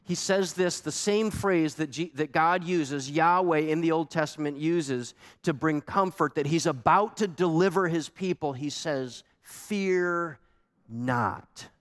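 A man preaching a sermon as a pastor, animated and emphatic, asking the congregation pointed questions. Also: on the high side, a little slow, few pauses. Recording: long hall reverb.

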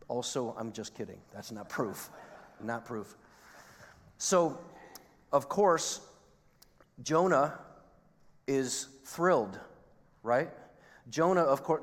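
Guy preaching, mid-pitched voice, storytelling, lots of hall reverb. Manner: storytelling, builds to emphatic peaks. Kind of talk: sermon.

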